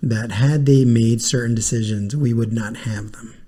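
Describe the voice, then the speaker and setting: A man's voice: medium pitch, fairly even intonation, normal speed, mellow. A man co-hosting a podcast in casual chat, laid-back and musing, with short replies.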